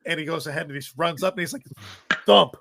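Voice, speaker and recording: Male panelist, slightly high pitch, loose rambling delivery; dry, close sound. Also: quick pace, creaky, pushed and bright, no echo. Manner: rambling, keeps asking "right?". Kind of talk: casual movie review chat.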